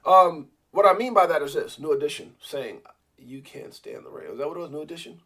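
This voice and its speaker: Husky-voiced man rambling on a livestream. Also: fairly high pitch, expressive, brisk, a bit bright. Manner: rambling, with many restarts and repeated words; addresses viewers and a co-host directly. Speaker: crypto livestream host. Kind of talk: casual live-stream talk.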